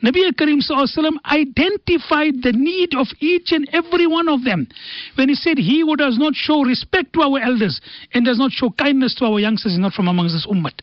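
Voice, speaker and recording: Talking quickly in a very high voice, a man appears as a radio studio guest with earnest tales of faith and family and Arabic sayings. There's no room sound, just dull, dry studio audio.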